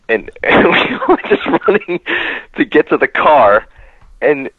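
A man's voice: on the high side, sing-song, slow pace, slightly rough, no room sound, narrow, tinny audio. A man guest on a podcast telling a story casually, laughing often and leaning on fillers.

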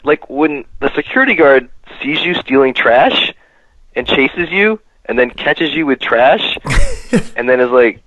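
A man's voice: medium pitch, very animated, measured pace, fairly bright tone, no echo, poor audio. A man guest on a podcast telling a story casually, laughing often and leaning on fillers.

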